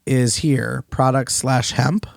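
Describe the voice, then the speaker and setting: A man co-hosting a business podcast, talking things through over a video call while he shares his screen. His voice is gravelly and a bit rough today, and the sound is dry and close, with no room around it. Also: medium pitch, steady tone, slow pace, no echo. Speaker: podcast co-host. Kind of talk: casual business podcast discussion.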